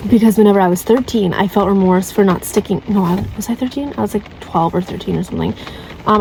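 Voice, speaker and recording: A young woman in her twenties speaks to her viewers in a loose, confessional chat full of "like" and tag questions. Her pitch sits in an ordinary middle range. A faint noise runs under the recording. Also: gravelly, mellow, poor audio. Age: 20s. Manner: chatty, heavy use of "like" and "right?", candid. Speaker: vlogger. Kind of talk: casual confessional advice talk.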